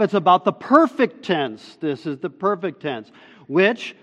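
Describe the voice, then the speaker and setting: A male pastor delivers a sermon in a slow, deliberate way, leaning hard on key words before sinking into hushed, drawn-out phrases. His voice sits a little high for a man. The sound is muffled and dull, with a long reverb trailing through a large hall. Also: very animated. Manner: emphatic, rising to loud stresses then dropping low and slow.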